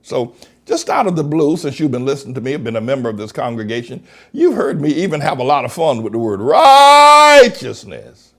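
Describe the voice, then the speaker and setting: A man's voice: mid-range voice, animated, quick pace, a little mellow. A male pastor preaching a broadcast sermon, emphatic, stretching out key words and repeating himself.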